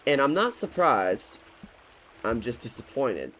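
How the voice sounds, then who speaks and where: While gaming, a man in his twenties tells a frustrated story in a loose, casual rant, swearing a lot and restarting his sentences. His medium-pitched voice moves at a moderate pace over a little hiss or hum.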